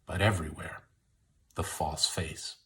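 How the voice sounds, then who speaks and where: A man, a literary scholar, giving a scripted, dramatic narration that often drops to a hush. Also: very deep voice, fairly even intonation, a little slow. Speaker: literary scholar and podcast contributor.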